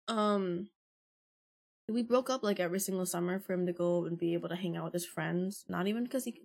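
A podcast host in her early twenties tells stories bluntly and casually, swearing heavily. Her voice is lowish and slightly rough.

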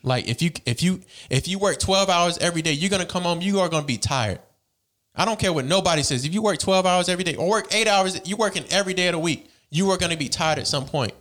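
A man's voice: high-pitched, fast talker, a bit bright. A young man in casual chat, explaining at length and insisting on finishing his point.

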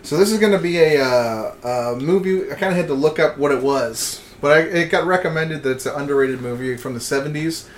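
A man's voice: fairly high pitch, brisk. A man co-hosting a casual podcast chat, laid-back and chuckling between remarks. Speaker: podcast co-host.

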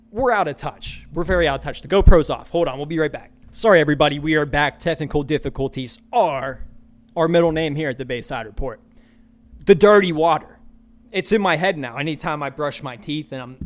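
A male podcast host rants through his solo show, swearing freely and hammering his points by repeating them. His voice sits a bit higher than most men's. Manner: ranting, profane, repeats his punchlines.

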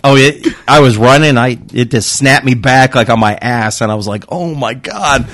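A middle-aged father on a casual podcast, telling stories animatedly, swearing and loudly acting out what people said. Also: mid-range voice, normal speed. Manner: animated, swearing storyteller who acts out quotes loudly. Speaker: guest father. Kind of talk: casual storytelling chat.

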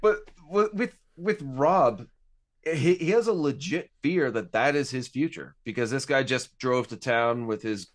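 A man's voice: mid-range voice, unhurried. Easygoing man chatting on a podcast. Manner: easygoing, laughs along, steers the talk. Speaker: podcast co-host. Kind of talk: casual podcast chat.

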